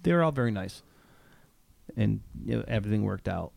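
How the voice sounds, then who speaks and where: A man's voice: lowish voice, expressive, brisk, creaky, darkish tone. Rambling, profane male co-host. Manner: rambling, profane, laid-back. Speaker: podcast co-host. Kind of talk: casual podcast chat.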